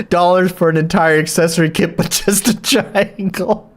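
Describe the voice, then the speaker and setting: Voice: very high-pitched, very animated, drawn-out words, long pauses. A live streamer in casual chat, swearing often and rambling with restarts and fillers.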